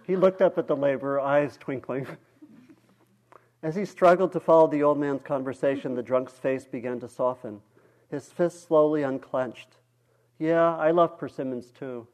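A male meditation teacher reading a story aloud during a dharma talk, in a calm, measured way. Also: medium pitch.

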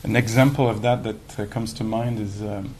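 Man, meditation teacher, casual dharma talk, lively delivery, many fillers, slight background hiss. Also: on the low side, moderate pace, poor audio. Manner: animated, acts out quoted inner voices; many fillers like "you know".

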